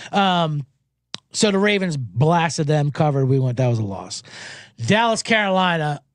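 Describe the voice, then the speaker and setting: Profane, jokey sports betting host. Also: male voice, fairly high pitch, no room sound, clean studio sound. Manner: profane, rambling, jokey, puts on mocking voices. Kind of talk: casual sports betting recap.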